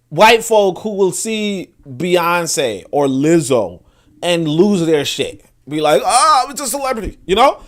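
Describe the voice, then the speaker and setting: A man hosting a podcast, talking casually and rambling with many restarts and fillers while he reads and explains passages. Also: a little high. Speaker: podcast host. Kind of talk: casual commentary with reading aloud.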